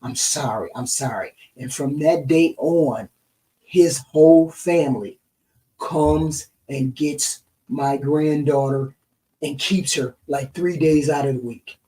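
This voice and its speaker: A middle-aged woman co-hosting a podcast, retelling a family story in a casual, animated way and often asking "right?". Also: sits low, takes it slowly, recorded from a distance, low-quality recording. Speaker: podcast co-host.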